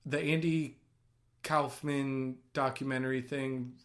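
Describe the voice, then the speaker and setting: A man who works as an actor and writer, giving casual watch-along commentary on a film in an excitable, gushing way that bursts into yelling. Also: medium pitch, slow pace.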